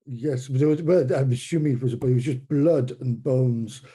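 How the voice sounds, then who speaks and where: Husky stammering tabletop player man. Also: medium pitch, brisk, mellow. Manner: stammering, repeats words. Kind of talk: in-character tabletop play.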